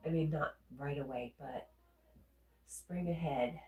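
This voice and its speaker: Stuffy low-voiced Southern woman streamer. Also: takes it slowly, roomy sound, narrow, tinny audio. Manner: chatty, reads comments aloud and answers them. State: stuffy nose. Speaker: livestream host. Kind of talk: casual chat reading viewer comments.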